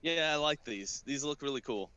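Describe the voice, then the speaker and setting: A man's voice: mid-range voice, lively intonation, moderate pace, pushed and bright, clear, resonant tone, no room sound. A man co-hosting a casual podcast chat who keeps asking follow-up questions. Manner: inquisitive, asks follow-up questions. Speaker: podcast co-host.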